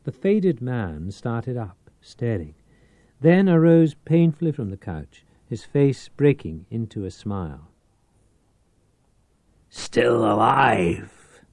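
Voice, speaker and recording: A man reading a novel aloud as an audiobook narrator, with a measured, theatrical delivery. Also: medium pitch, sing-song, mellow, no echo.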